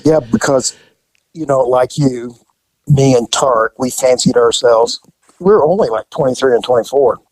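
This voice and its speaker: Older guy, ex-cop, husky voice, tells stories and does the voices, dry sound. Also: medium pitch, moderate pace, dry recording, poor audio. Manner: animated storyteller who acts out quotes. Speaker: retired police officer. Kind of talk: storytelling in casual chat.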